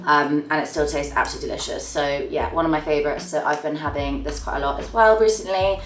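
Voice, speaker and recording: A woman's voice: deep voice, fast talker, distant mic, slight background noise. A young woman chatting to camera about her monthly favourites, gushing and trailing off at the ends of phrases. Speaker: beauty vlogger. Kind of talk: casual chat to camera. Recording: roomy sound, slightly off mic, faint music.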